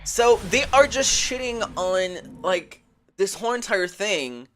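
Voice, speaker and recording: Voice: medium pitch, lively intonation, slow, slight background noise. A streamer on a livestream, ranting heatedly and with plenty of swearing, rambling through fillers and restarts and mocking others with sarcastic quotes. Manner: heated, profane, indignant ranting. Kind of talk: livestream rant about competitive gaming.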